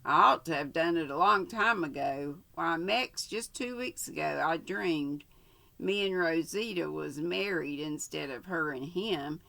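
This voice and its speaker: Storybook outlaw, young man, icy and soft-spoken, mild drawl; woman narrator voicing him, slow. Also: low-pitched, gravelly, exaggerated voice. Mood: grim.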